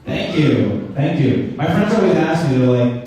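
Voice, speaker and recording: A man's voice: a little high, lively intonation, a little slow, dark tone. A young man doing a rambling, self-deprecating stand-up comedy set with stammered restarts. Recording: echoey room, mic heard from a distance.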